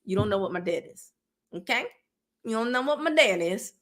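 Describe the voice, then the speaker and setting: A woman in her thirties, an online business coach, hosts a casual livestream, talking candidly with viewers, reading their comments aloud and laughing often. Her mid-range voice is expressive and a bit bright, at a moderate pace.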